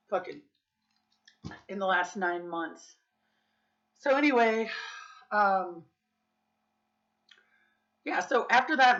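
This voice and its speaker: A woman's voice: fairly low pitch, a bit bright, dull audio. A woman vlogging in a candid, casual confessional chat, swearing freely and saying "like" and "dude" a lot. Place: Las Vegas.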